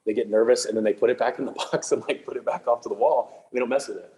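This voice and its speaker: Fast-talking man giving a chatty clinic. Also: medium pitch, darkish tone, poor audio. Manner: quick, chatty, joking, with many fillers and restarts. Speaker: band director leading a music teachers' clinic. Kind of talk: casual clinic presentation. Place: room with attendees present, also on video call.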